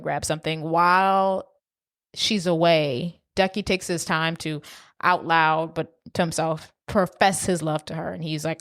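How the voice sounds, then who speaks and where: A young woman co-hosting a movie podcast, retelling the plot in a relaxed way with quick asides. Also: fairly low pitch, no room sound, studio quality. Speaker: podcast co-host. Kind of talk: casual movie recap chat.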